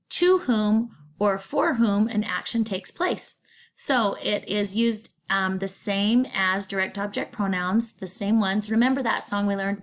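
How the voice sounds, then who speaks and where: Woman teacher, middle-aged, medium pitch, bubbly and chatty, playful asides to students. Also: normal speed. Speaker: Spanish teacher. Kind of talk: recorded grammar lesson.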